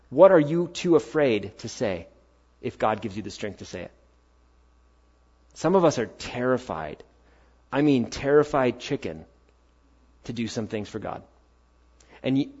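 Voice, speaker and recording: A male pastor delivering a sermon in a middle-pitched voice. He fires punchy rhetorical questions and swings between loud urging and quiet asides. The sound is dull and slightly muffled. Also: breathy edge.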